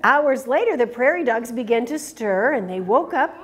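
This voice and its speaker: A woman reading a picture book aloud to children in an animated way, stopping to ask them questions. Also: a little high, normal speed. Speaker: storytime reader.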